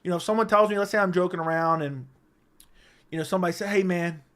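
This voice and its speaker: A man's voice: high-pitched, fast talker, a bit bright. A young man hosting a casual livestream, telling stories animatedly with frequent swearing and "right?" asides. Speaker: livestream host.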